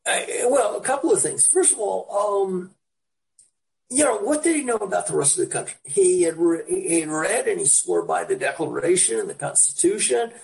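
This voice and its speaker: Gravelly, very animated male historian guest, recorded slightly off-mic. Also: sits high, moderate pace, recorded from a distance, poor audio. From New York. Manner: animated, digressive, puts on voices for quotes. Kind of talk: anecdotal interview storytelling.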